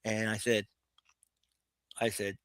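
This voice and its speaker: A man's voice: on the low side, level tone, slow, a bit bright, no echo. Older american guy telling war stories, blunt and rambling, dry close sound. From United States. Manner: vivid, blunt war storytelling with frequent restarts. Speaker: guest. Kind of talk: storytelling interview.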